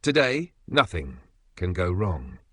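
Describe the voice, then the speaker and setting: A man's voice: low voice, sing-song, slow pace, fairly bright tone, no echo, heavily acted. A man voicing a chirpy, overly hopeful pub owner. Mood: upbeat. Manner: chirpy and optimistic.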